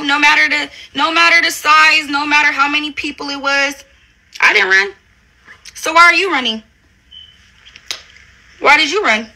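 A reality TV personality goes off on a livestream in a high, sharp voice. She's confrontational and profane, throwing insults at someone who wronged her and saying "bitch" constantly.

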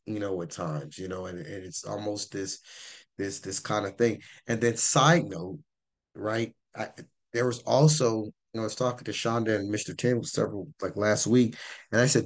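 A man giving an informal Bible teaching, rambling and repeating words, his voice worn. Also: on the low side. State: losing his voice.

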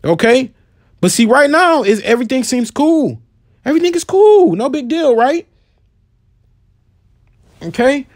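A man with a notably high voice delivers an informal sermon, scolding his listeners bluntly and swearing freely. When he quotes scripture he slows into a measured, solemn reading. The recording is dry and close, with no room echo. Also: sing-song. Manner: reads scripture slowly and solemnly. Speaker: preacher.

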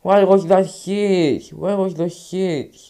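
A man's voice: sits high, fairly even intonation, slow, dark tone. A young man with a Greek accent, commentating his own gameplay and swinging between frustrated mutters and outbursts. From Greece. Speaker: gaming YouTuber.

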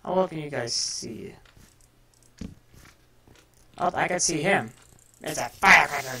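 Woman gaming host, low-pitched, chatty commentary with sudden excited outbursts. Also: unhurried, pauses often, a little hiss or hum, low-quality recording. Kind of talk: casual game commentary.

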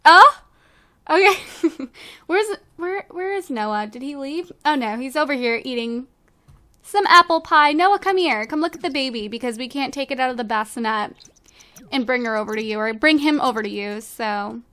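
A woman's voice: high-pitched, lively intonation, normal speed, pushed and bright. A woman casually commenting as she plays a life-sim game, bubbly and giggly as she gushes over how cute things are. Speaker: let's play host.

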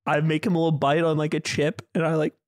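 Man, high voice, podcast co-host, eager interjections, filler-heavy retelling, dry sound. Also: flat delivery, fast, darkish tone, no room sound. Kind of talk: casual chat.

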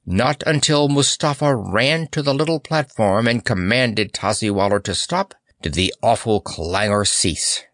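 A man reading a children's fantasy book aloud as narrator, in an expressive storytelling manner. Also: lowish voice, unhurried, hardly any pauses, dry recording, clean studio sound. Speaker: audiobook narrator. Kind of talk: scripted narration.

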